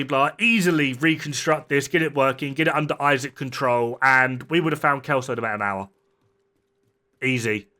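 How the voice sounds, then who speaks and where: Exasperated man ranting, bright voice. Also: on the high side. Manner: exasperated, sarcastic, swears freely. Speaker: streamer. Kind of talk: casual gameplay rant.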